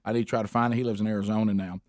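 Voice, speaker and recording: A man's voice: lowish voice, racing, dry recording, clean studio sound. Man telling stories on radio. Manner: animated anecdote-telling, acting out quotes with laughter. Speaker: radio show host. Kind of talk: casual morning-show storytelling.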